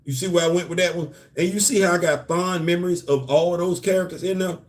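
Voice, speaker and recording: Talking fast in a high-pitched voice, the host of a comics and culture live show riffs animatedly on comics. It's casual solo commentary: conversational, with rhetorical questions and repeated words as he builds his points.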